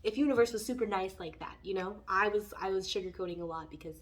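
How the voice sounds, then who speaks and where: A woman's voice: medium pitch, fast, few pauses, far from the mic. A woman giving a casual tarot reading in a rambling, conversational way, full of fillers. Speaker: tarot reader.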